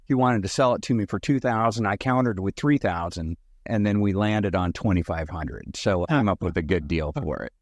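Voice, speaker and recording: A man guesting on a podcast, telling an animated anecdote in a conversational way. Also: lowish voice, normal speed, hardly any pauses, no echo, clean studio sound. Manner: animated anecdote teller who acts out both sides. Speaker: podcast guest, sales consultant. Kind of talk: conversational storytelling.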